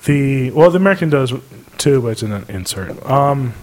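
A man co-hosting a casual podcast chat, crude and quick to laugh. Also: mid-range voice, lively intonation. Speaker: podcast co-host.

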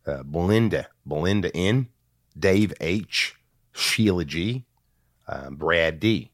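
A man hosting a podcast, reading out long lists of names in a steady, matter-of-fact way. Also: sits low, slow, no room sound, studio quality. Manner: rattles off long name lists in a steady deadpan. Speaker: podcast host. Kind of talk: casual chat, reading patron names.

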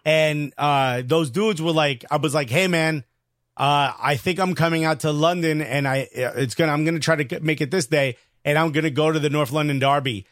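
Excitable New York guy telling stories. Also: a little high, moderate pace, dry recording, studio quality. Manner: excited storytelling with slangy asides. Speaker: podcast co-host and comedian. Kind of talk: casual podcast chat.

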